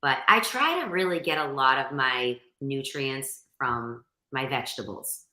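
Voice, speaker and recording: A woman's voice: a bass voice, animated, a little slow, pushed and bright, echoey room. A middle-aged woman talking earnestly as a podcast guest over a call, rambling with restarts. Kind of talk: casual interview chat.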